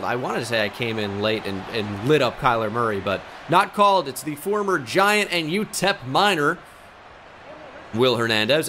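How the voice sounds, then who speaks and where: Bright-voiced joking gamer guy. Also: mid-range voice, a little hiss or hum. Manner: joking, excitable, swears freely. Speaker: gaming YouTuber. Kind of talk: casual video game commentary.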